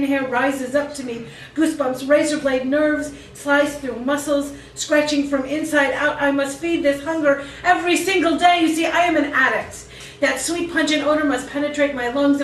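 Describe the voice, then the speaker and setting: A woman's voice: sits high, a little hiss or hum. A woman reading her poetry aloud at a live cafe open mic, moving between intense, rhythmic performance and chatty asides. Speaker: featured poet. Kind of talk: spoken-word poetry reading. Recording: echoey room recorded from a distance.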